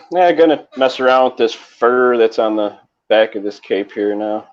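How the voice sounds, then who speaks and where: A man's voice: mid-range voice, moderate pace, muffled recording. A man painting miniatures as a stream guest, chatting in a laid-back way. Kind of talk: casual chat while painting.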